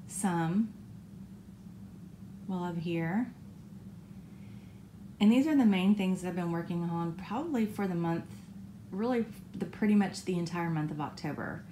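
A woman's voice: on the low side, background noise. A woman chatting casually about her cross-stitch, rambling with fillers and correcting herself. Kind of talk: casual show-and-tell chat. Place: condo balcony by the beach.

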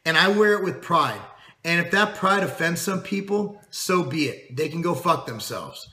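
Middle-aged guy ranting to camera, kinda high bright voice, swears a lot, echoey room. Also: expressive, normal speed. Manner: blunt, profane and emphatic. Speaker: fitness channel host. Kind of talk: casual monologue to camera.

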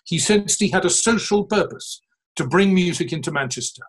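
A man's voice: sits high, animated, normal speed, breathy edge, rough recording. A man, the conductor of an orchestra, giving a storytelling talk to an audience and addressing the listeners directly.

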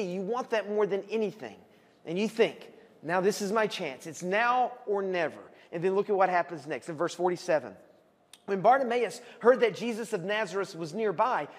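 A man, a pastor preaching a sermon and telling the story vividly, at times calling out loudly as the people in it. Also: high voice. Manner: animated storytelling, acts out shouting voices. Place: church hall. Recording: long hall reverb.

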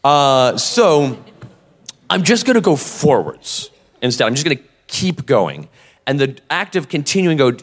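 A man co-hosting a live podcast, telling a story in a lively, animated way. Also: medium pitch. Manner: animated, acts out both sides of quoted exchanges. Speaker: podcast co-host. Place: convention stage with long reverb. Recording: live hall reverb.

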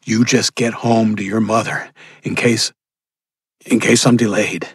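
Audiobook dad, urgent orders, low husky voice, raised a little as the narrator plays him. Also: male voice, fairly even intonation, measured pace, no room sound, clean studio sound, heavily acted. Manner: urgent, commanding. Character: determined grown father under threat.

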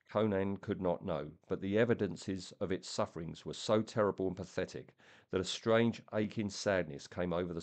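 A man reading a story aloud and then chatting about it in an enthusiastic, halting way. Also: low-pitched, a little mellow. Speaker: comic and book reviewer. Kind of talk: reading aloud and casual chat.

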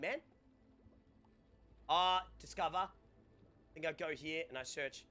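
A young man streaming casually, excitable and prone to stammering and restarting words. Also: on the high side, a little slow, long pauses. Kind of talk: casual live-stream chat.

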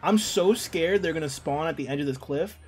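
A man's voice: a little high, a little fast, faint music behind. A man streaming a video game, chatting casually and joking with his viewers as he plays. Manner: chatty, joking, talks to chat and reads out messages. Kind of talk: casual chat while playing a game.

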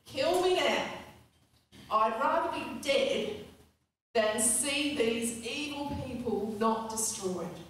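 A woman's voice: on the high side, lively intonation, takes it slowly, slight background noise. A woman voicing an angry, bitter male prophet, with indignant, pleading outbursts. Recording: echoey hall, distant mic.

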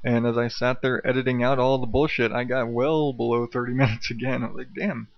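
A man hosts his own podcast alone at home late at night, rambling and swearing as he mocks himself. His voice has a gravelly fry to it, and the old karaoke mic makes it sound dull and lo-fi. The room sounds dry and close, with no echo. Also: mid-range voice, flat delivery, fairly quick. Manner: rambling, profane, self-mocking. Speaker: podcast host. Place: bedroom at home. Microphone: old dynamic karaoke mic on a stand.

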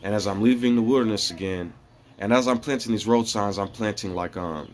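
Male vlogger with a low voice, earnest and rambling, slight noise behind him. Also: fairly quick. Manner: rambling and earnest, with many fillers and restarts. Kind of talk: casual spiritual monologue.

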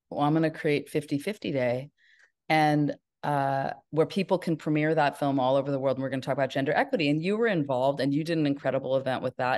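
A middle-aged woman from Northern California, appearing as a filmmaker guest in an interview, has a low and slightly mellow voice. She tells her story in a rambling way, restarting often.

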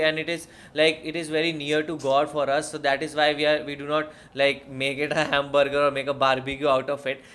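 A man's voice: fairly high pitch, bright, forceful tone. A young man with an Indian accent, earnestly explaining in a casual reaction chat. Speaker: reaction video host.

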